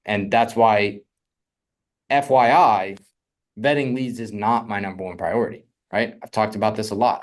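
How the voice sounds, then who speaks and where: A young man coaching on real estate funding in a casual, energetic teaching talk, often asking "right?". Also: mid-range voice.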